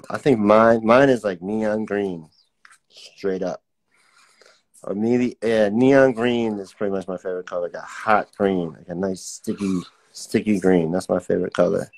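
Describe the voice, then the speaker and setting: A man's voice: fairly low pitch, darkish tone. A young man teaching a casual live-streamed drawing class, chatty and laid-back, reading out viewer comments as he draws. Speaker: art teacher.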